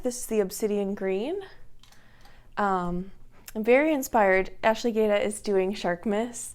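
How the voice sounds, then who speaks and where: A woman's voice: mid-range voice, darkish tone, clear, resonant tone. A young woman vlogging at home in a chatty, upbeat way with lots of ums. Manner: upbeat, chatty, filler-heavy. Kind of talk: casual vlog chat.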